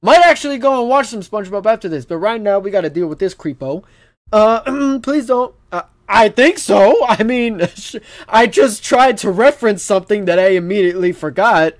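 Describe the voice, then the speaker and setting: A young man giving let's play commentary on a horror game, jittery, stammering and swearing, yelling when frightened. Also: high-pitched, expressive, normal speed, dry recording. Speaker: gaming YouTuber. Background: game music.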